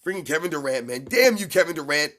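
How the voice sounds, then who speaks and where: A man co-hosting a live basketball reaction stream, talking fast and emphatically, repeating his points. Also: a little high, expressive, a bit bright. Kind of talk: excited live game commentary.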